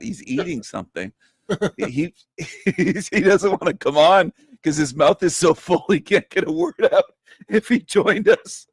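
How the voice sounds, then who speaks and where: A man's voice: sits high, husky, dry recording. A man hosting a casual online panel, teasing and joking as he tells a story.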